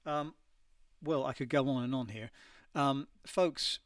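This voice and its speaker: A man's voice: mid-range voice, a little slow, dry recording, recorded from a distance. A middle-aged man from England hosting a casual livestream from his home studio, greeting viewers and reading their messages with lots of ums. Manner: chatty, hesitant, many ums. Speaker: singer hosting a live stream.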